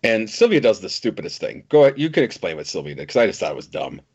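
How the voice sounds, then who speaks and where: A man co-hosting a casual podcast chat, talking in a lively, laughing way with some casual swearing. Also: fairly low pitch, quick pace, breathy edge. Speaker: podcast co-host. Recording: dull lo-fi podcast audio.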